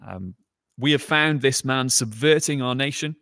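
A man preaching a sermon in a conversational way, voicing quoted lines with lifted pitch and emphasis. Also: animated, moderate pace, a bit bright, no room sound, studio quality.

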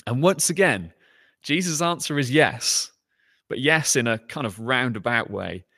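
A man's voice: lively intonation, measured pace, vocal fry, sharp tone, breathy edge, no echo. Male preacher, casual sermon delivery, acts out quotes, dry close sound. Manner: conversational, acting out quoted lines with rising pitch.

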